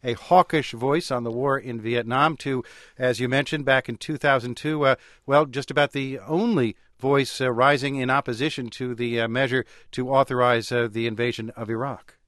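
Radio host man, steady moderator, bone-dry studio mic. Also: mid-range voice, no echo. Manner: measured, fills pauses with uh. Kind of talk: radio call-in hosting.

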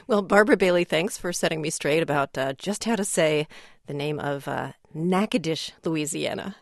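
A woman's voice: deep voice, normal speed, vocal fry, dry recording, studio quality. A woman hosting a conversational radio news segment, chatty and self-deprecating.

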